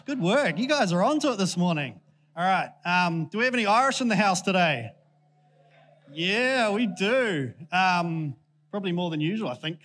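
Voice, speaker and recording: A man's voice: sits high, a bit bright. A man giving a casual, joking sermon to a church congregation, chatty and self-deprecating with plenty of ums. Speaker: preacher.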